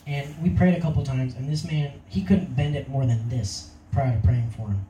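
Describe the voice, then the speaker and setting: A man's voice: mid-range voice, normal speed, mellow, echoey room, far from the mic, a little hiss or hum, rough recording. A young man giving his personal testimony in a casual, rambling way, laughing often. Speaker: testimony speaker.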